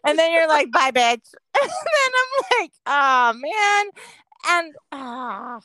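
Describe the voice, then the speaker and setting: A woman's voice: high voice, very animated, slow pace, bright, forceful tone, dry recording, poor audio. A woman in her forties from Southern California, co-hosting a podcast in casual, profane chat and laughing often. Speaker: podcast co-host.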